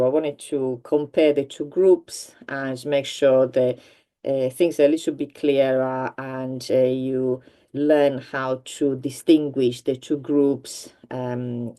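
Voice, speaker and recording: A woman's voice: extremely low pitch, dark tone. A woman teaching a language grammar lesson, explaining patiently with many ums and restarts. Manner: patient, repeats points for learners.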